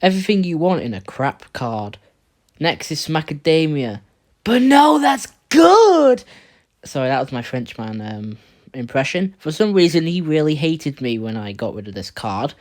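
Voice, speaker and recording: A man talks through a card game tier list in a loose, unscripted way, with a voice of ordinary middle pitch. He is blunt in his verdicts and keeps stumbling and restarting mid-sentence. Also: expressive, moderate pace. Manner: rambling, blunt, stumbles over words. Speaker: card game video creator. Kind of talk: casual tier list commentary.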